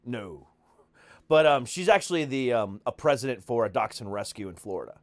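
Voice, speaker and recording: A man's voice: medium pitch, lively intonation, brisk, no room sound. A man hosting a podcast in casual chat, joking and rambling with many fillers. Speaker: podcast host.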